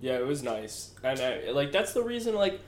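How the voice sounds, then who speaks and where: A man's voice: medium pitch, very animated, moderate pace, reverberant. A young man co-hosting a podcast, telling stories in a laid-back, swearing way and laughing often. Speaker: podcast co-host. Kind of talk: casual chat.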